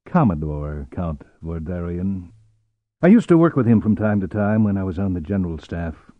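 A man's voice: deep voice, lively intonation, normal speed, dry recording, phone-quality sound, pitched below the performer's own voice. A man voicing a dry-witted, snappish middle-aged officer in an audiobook.

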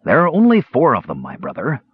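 A man's voice: medium pitch, huge pitch swings, brisk, husky, no room sound, narrow, tinny audio, pitched above the performer's own voice, full character voice. A man voicing a cool, aloof young male mage who speaks dryly and curtly. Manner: dry and curt.

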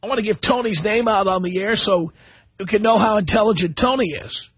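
A man's voice: high-pitched, brisk, breathy edge, no room sound. A man hosting a talk radio show, sarcastically mocking listener mail and spelling out its errors letter by letter. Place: radio studio.

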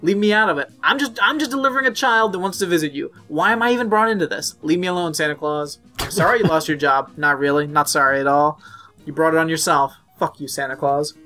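A man's voice: fairly high pitch, quick pace, sharp tone. Cohost guy riffing a made-up story, laughs a lot, faint guitar music. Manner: playful, laughs while talking, mock-tough. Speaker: podcast co-host. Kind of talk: improvised comic storytelling.

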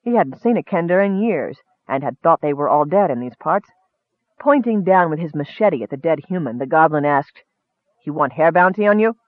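A man narrating a fantasy story in steady, vivid audiobook style. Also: fairly high pitch, normal speed, no echo. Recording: dry, narrow phone-like sound.

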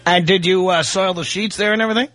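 A male talk radio host taking calls, with brisk, wry reactions. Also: high-pitched, fairly even intonation, a bit bright, dry recording, studio quality. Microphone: studio microphone.

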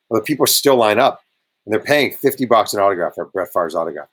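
Man telling lively sports anecdotes. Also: fairly low pitch, fast. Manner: animated anecdote telling with quoted voices. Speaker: guest author. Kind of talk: casual storytelling interview.

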